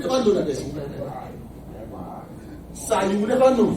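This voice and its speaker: A Nigerian-accented man preaches in a high voice that swings widely in pitch, shouting and laughing as he works his congregation. He sounds set back from the mic, in a hall with heavy echo. The congregation can be heard answering him. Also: a little fast, a crowd in the background. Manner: animated, shouting, laughing, call-and-response. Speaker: pastor. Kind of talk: sermon. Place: church. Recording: echoey church hall, mic at a distance, congregation audible. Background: responding congregation.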